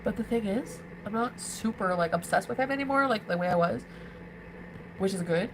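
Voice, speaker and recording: A woman's voice: medium pitch, animated, normal speed, slight background noise, rough recording. A drunk woman vlogger rambling emotionally and profanely during a late-night live stream.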